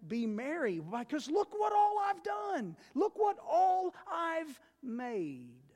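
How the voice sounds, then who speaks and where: A man acts out a boastful rich hoarder, gloating over his barns in a high, rising voice that swells into a shout. The words ring out in a long church reverb. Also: wildly swooping pitch, takes it slowly, exaggerated voice. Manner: gloating, repetitive, building to a shout.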